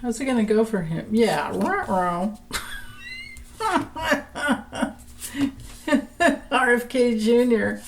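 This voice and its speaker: A woman's voice: a little high, slow, long pauses, a little hiss or hum. A woman giving a chatty tarot reading, laughing often and restarting her sentences as she talks. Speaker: tarot reader. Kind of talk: casual tarot reading vlog.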